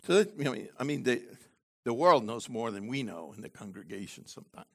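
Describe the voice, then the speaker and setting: A man preaching a sermon to his congregation, swinging between loud, emphatic lines and quiet asides, with frequent digressions and restarts. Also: mid-range voice, sing-song, a little fast. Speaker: messianic congregation leader.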